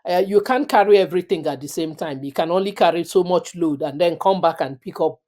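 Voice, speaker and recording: A middle-aged woman talking earnestly in an interview, reflecting in a measured way and drawing on her faith. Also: on the low side, mellow. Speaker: guest.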